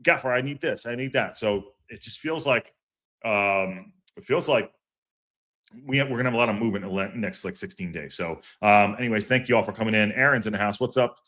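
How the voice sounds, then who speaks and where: A man hosts a fan podcast live stream in a relaxed, chatty way. His voice sits a little low. He wanders from point to point, restarts his sentences, fills gaps with ums and uhs, and calls out viewers by name. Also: a little fast. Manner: rambling, repeats himself with many fillers; greets chat viewers by name. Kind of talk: casual livestream chat.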